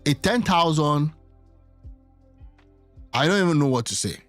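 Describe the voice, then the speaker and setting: A man talks through politics in a loose, thinking-aloud way, circling back over his own words. His voice sits a little high, and the sound is close and dry. Faint music plays underneath. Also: lively intonation, a little slow, fairly bright tone, no room sound. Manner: musing, hesitant, repeats words. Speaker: political commentator. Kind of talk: casual political commentary.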